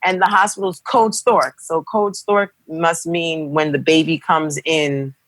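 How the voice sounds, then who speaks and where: A young woman telling her birth story as a podcast guest, animated and acting out what people said. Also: low-pitched, unhurried, dry recording, low-quality recording. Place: podcast studio.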